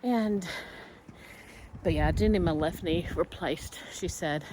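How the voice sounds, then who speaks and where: A woman's voice: on the low side, measured pace. Woman in her forties, casual vlog talk, rambling, candid, noisy background. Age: 40s. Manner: rambling and candid, many fillers. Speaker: vlogger.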